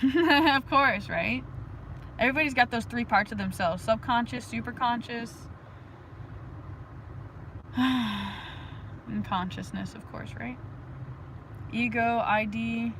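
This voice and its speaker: A woman's voice: fairly high pitch, takes it slowly, pauses often, background noise. A young adult woman hosting a livestream, rambling casually about spirituality with frequent giggles and bursts of chanting. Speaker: livestream host.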